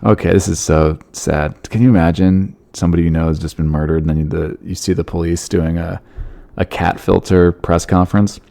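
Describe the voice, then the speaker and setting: A man's voice: low-pitched, fairly even intonation, a little fast, creaky, warm tone. A man hosting a comedy podcast, reading odd news stories with wry joking asides. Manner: wry, joking asides, laughs at his own bits. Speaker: podcast host.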